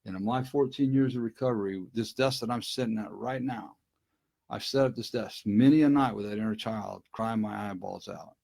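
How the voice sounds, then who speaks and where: A man's voice: on the low side, normal speed, gravelly, warm tone. A middle-aged man speaking earnestly and directly to listeners on a casual live stream from his desk at home. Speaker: recovery speaker.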